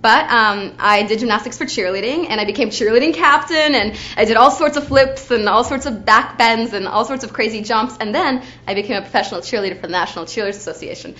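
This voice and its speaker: Speaking fast with hardly any pauses, this young Ukrainian woman delivers her self-introduction for an acting audition in a fairly high, bright, forceful voice. She comes across as bubbly and talkative, leaning heavily on "like," and the audio is dull lo-fi.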